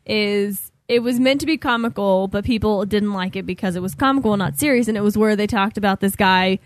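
A woman's voice: medium pitch, brisk. A woman co-hosting a casual radio talk show, speaking bluntly and swearing when annoyed.

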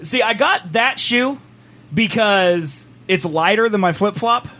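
A man's voice: high-pitched, expressive, slow, sharp tone. A man hosting a casual chat, teasing his co-host playfully and laughing often. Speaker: stream host.

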